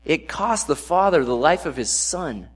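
A man's voice: on the high side, expressive, measured pace. A man giving a casual sermon, reading a Bible passage and then adding conversational asides. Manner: conversational, reads scripture then adds off-hand asides. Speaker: preacher.

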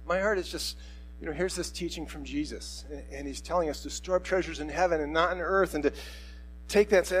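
A middle-aged man pastor preaches in a relaxed, conversational way, slipping into quoted voices as he tells a personal story. His voice sits a little high for a man. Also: fairly quick, a little hiss or hum, low-quality recording.

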